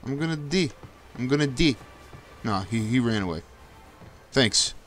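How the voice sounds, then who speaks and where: A young man casually narrating his own gameplay, swearing often and breaking into high yelps when danger shows up. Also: lively intonation, a little slow, a bit bright, soft background music. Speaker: gameplay commentator. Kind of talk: casual let's-play commentary.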